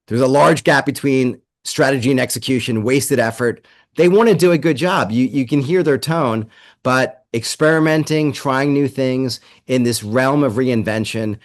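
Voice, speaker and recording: Guy giving a webinar on a video call, casual and chatty, middle pitch, does little voices for quotes. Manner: conversational, acts out quoted voices. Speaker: webinar presenter. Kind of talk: presentation to leaders.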